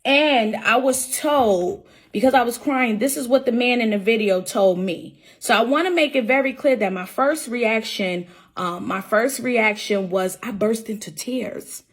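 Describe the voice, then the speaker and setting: Her voice fairly high, this young woman speaks unhurriedly and with few pauses, telling viewers straight on how she was suspended at work. The employee's story is emotional and sincere, and she often circles back to restate what she's said.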